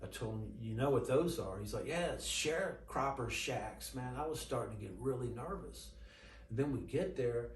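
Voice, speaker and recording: A man's voice: mid-range voice, animated, moderate pace, a little hiss or hum. Middle-aged man rambling a story. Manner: rambling retelling full of quoted dialogue and fillers. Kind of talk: casual spoken storytelling. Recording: roomy and distant with faint ambience.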